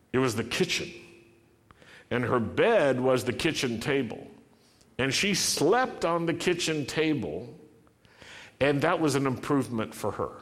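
A man's voice: mid-range voice, in a large hall. A man preaching a sermon, driving his points home with emphatic, repeated rhetorical questions.

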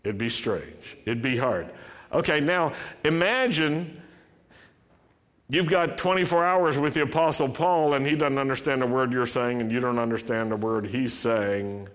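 A man's voice: mid-range voice, fairly even intonation, normal speed, fairly bright tone, in a large hall. A man preaching a sermon, driving his points home with emphatic, repeated rhetorical questions.

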